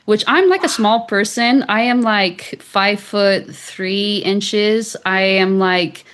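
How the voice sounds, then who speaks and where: A woman's voice: medium pitch, slow pace, fairly bright tone. A woman author, a guest on an interview show, telling a personal story in a chatty, loose way full of fillers. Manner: chatty, with frequent "like" and laughs. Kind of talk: conversational storytelling.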